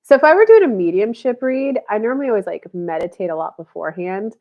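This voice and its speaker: A woman's voice: mid-range voice, big pitch swings, fast talker, muffled recording. A woman hosting a live stream of intuitive readings, chatting casually with many fillers and restarts, short of breath. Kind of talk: casual live-stream chat with channeled messages.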